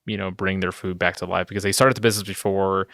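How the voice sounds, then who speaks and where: A man in his twenties, a videographer, telling stories in a casual interview, chatty and self-deprecating, breaking into high laughs. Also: little pitch movement, quick pace, gravelly, fairly bright tone, no echo, clean studio sound. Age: 20s. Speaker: guest videographer.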